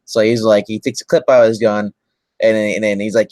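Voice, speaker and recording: Man, podcast guest, low pitch, dry sound, halting casual speech. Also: steady tone, darkish tone, no room sound. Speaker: co-host guest. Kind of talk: casual movie review chat.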